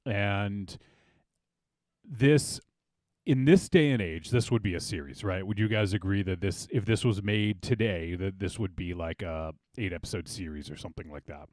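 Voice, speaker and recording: Male podcast host, lower voice, easygoing questioner, dry close recording. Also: moderate pace, darkish tone, no echo. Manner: casual, asks the group questions. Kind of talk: casual podcast film chat.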